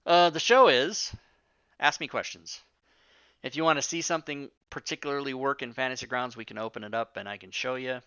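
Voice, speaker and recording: A man's voice: medium pitch, a little fast, fairly bright tone, smooth, no echo, highs cut off. A man hosting a live-streamed talk show, chatting casually and rambling off on tangents with the odd swear word. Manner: rambling, profane, self-interrupting.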